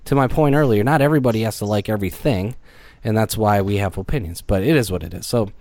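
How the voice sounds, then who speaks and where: Animated podcast co-host man, dry close sound. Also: on the low side, quick pace, no room sound. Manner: animated, swears casually, mocks others in a put-on surfer voice. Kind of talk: casual podcast chat.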